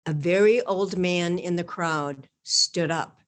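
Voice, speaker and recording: A woman guest reads a homily aloud with a fairly low voice. Her delivery is earnest and measured, and it builds to emphatic peaks.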